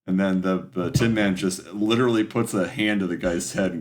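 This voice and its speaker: Game master, male, lowish voice, halting filler-heavy narration. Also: fairly even intonation.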